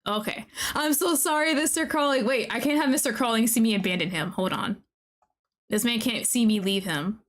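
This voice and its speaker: A woman streamer commenting on a game as she plays, gushing, excitable and talking straight to the characters. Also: medium pitch, fairly quick. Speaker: VTuber streamer. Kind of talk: let's-play commentary.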